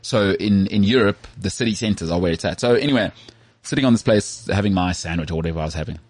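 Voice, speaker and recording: Podcast co-host from South Africa, male, low husky voice, animated storyteller. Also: fast talker, dry recording. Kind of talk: casual chat. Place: Cape Town.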